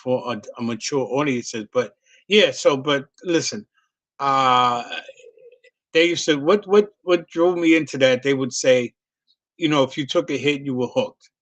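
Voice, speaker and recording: A man's voice: medium pitch, unhurried, a bit bright, dry recording. A middle-aged man, a comedian, telling a long profane story in a loose, rambling way. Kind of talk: casual storytelling on a video call.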